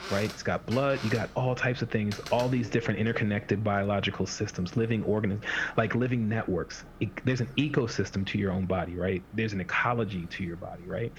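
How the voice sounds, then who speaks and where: A man with a fairly low, gravelly voice rambles as a fitness coach in a casual podcast chat, acting out the inner voices of his clients. The sound is dull and lo-fi with a faint hiss.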